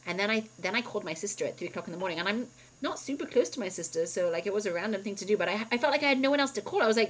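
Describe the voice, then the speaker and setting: A woman in her thirties co-hosting a casual podcast, telling stories in an animated, rambling way. She peppers her talk with "like" and the odd swear word. Her voice sits in an ordinary middle pitch. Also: rapid-fire, hardly any pauses, rough recording. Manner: animated storytelling, heavy use of "like", swears freely. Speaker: podcast co-host. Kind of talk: casual chat, storytelling.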